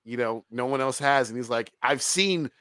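Animated, profane man reviewing a film. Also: mid-range voice, fairly quick, clear, resonant tone, no room sound. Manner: animated, profane, laughs often. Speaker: podcast co-host reviewing a film. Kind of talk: casual film review chat.

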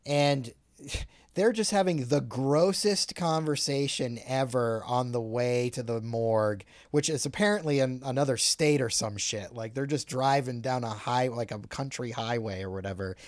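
A man's voice: mid-range voice, normal speed, no echo, studio quality. A man co-hosting a podcast, chatting casually and a bit profanely as he recaps movie scenes at length. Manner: laid-back, profane, recounts scenes at length. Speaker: podcast co-host.

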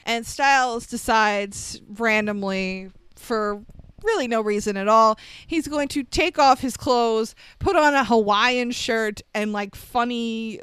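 A woman's voice: fairly high pitch, a bit bright, smooth, no echo. A woman casually recapping a movie plot in a wry, chatty way, laughing often. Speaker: podcast co-host.

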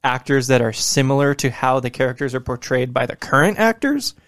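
A man's voice: mid-range voice, lively intonation, fairly quick, a bit bright, no echo, clean studio sound. A man co-hosting a podcast in casual banter, playful and teasing. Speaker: podcast co-host.

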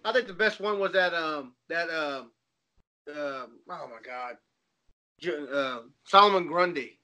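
Bright-voiced laid-back swearing man. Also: a little high, measured pace, highs cut off. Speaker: cosplayer. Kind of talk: casual chat.

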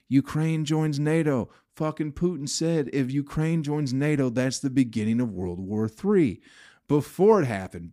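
A man's voice: mid-range voice, darkish tone, no room sound, clean studio sound. A young man hosting his own comedy podcast, ranting in a profane, exasperated way as he rambles alone at the mic. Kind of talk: solo rambling podcast monologue.

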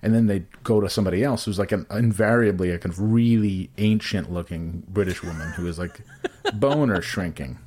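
A man's voice: low-pitched, brisk, darkish tone, breathy edge. A man telling a crude, rambling comic story in casual podcast chat, full of fillers and restarts.

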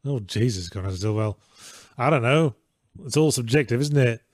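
A man's voice: medium pitch, animated, moderate pace, dry recording. A man co-hosting a casual stream, reading out donations in a dry, sarcastic way.

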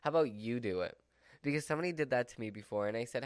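A man's voice: mid-range voice, rapid-fire, dry recording, studio quality. A man vlogging from home in a rambling casual chat, full of "like" and "so" fillers. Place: at home with his dog. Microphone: mic within his dog's reach.

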